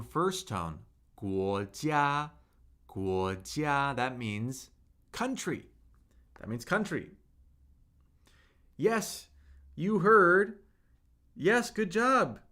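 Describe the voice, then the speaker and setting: A man's voice: mid-range voice, fairly bright tone. A man teaching Mandarin on a live stream, upbeat and talking to viewers in the chat while he repeats vocabulary. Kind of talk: live-streamed language lesson.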